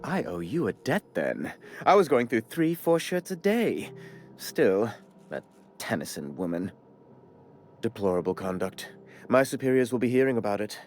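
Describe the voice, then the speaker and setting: A man's voice: medium pitch, big pitch swings, moderate pace, natural voice. A man playing a prissy corporate bureaucrat. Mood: prim. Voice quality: prim, theatrical, mannered delivery. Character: fussy, condescending corporate male bureaucrat. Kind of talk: video game dialogue. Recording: soft game music behind.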